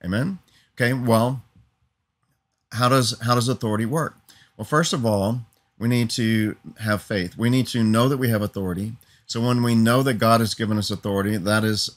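A man preaching an earnest teaching sermon, building emphatic lists and often asking "Amen?" for assent. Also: on the low side.

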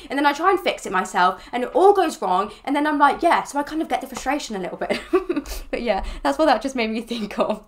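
A young woman talks in a high, light voice, rambling casually and scattering fillers as she reacts. She sounds relaxed and conversational, in her twenties. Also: fairly quick, few pauses. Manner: chatty, rambling, filler-heavy. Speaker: reaction video host. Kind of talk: casual chat.

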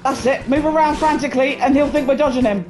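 A woman gaming with a friend, excitable, swearing and shrieking with laughter. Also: high voice, fast, rough recording. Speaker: gamer streamer. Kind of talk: casual co-op gameplay chat. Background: game music.

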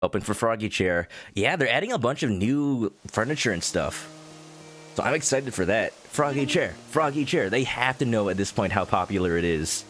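A man's voice: on the low side, expressive, moderate pace, a bit bright, soft background music. A man streaming a game, chatting casually with viewers, laughing often and greeting chat by name. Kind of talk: casual gaming livestream chat.

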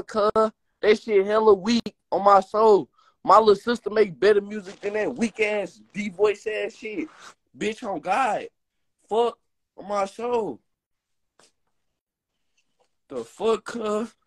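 A man's voice: high voice, slow pace, pauses often, a bit bright. A young man and rapper giving a heated, profane live-stream rant full of slang trash talk.

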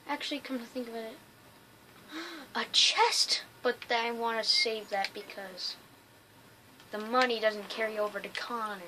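Excitable chatty woman gaming. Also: fairly high pitch, a little slow, very noisy. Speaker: gamer. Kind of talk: let's play commentary.

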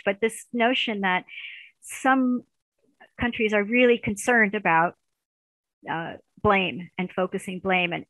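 A woman's voice: on the low side, a bit bright, dry recording, low-quality recording. A middle-aged woman giving a recorded university lecture, hesitant, with many fillers and restarts.

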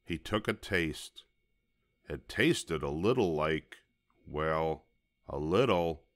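An older man reading a children's storybook aloud in a gentle, expressive storytelling manner. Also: very deep voice, slow, dry recording, clean studio sound.

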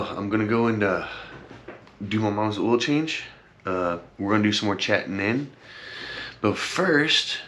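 A young vlogger with a low, slightly bright voice talks casually to his camera. His heartfelt remarks ramble earnestly, with many fillers and repeated thanks, and at times he turns teary.

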